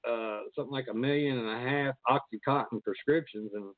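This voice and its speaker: A man's voice: medium pitch, steady tone, fairly quick, dry recording. Swearing Virginia man with a country drawl. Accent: Southern Appalachian. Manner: laughs often, swears freely. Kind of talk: casual chat. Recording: tinny phone-like line, dry.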